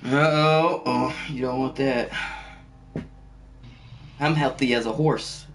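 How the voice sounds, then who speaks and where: A man streaming an online shooter, swearing nonstop and yelling repeated orders at his teammates between jokes. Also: medium pitch, fairly even intonation, takes it slowly, over music. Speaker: gamer streamer. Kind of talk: profane casual gaming chatter.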